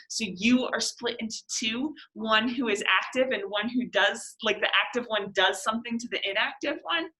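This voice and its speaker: Woman teacher, bright clear voice, thinks aloud, questions students, leads a class discussion. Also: on the high side, low-quality recording. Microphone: classroom recording.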